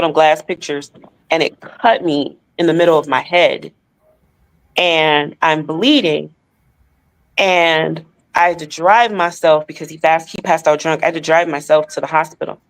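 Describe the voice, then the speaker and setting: A woman co-hosting a podcast, telling a painful personal story with emotion and speaking straight to her listeners. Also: deep voice. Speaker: podcast co-host.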